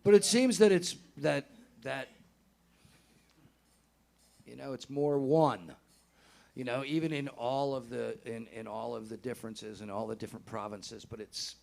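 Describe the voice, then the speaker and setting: A man from the United States interviewing a band, asking questions in halting, searching phrases. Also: medium pitch, creaky, darkish tone.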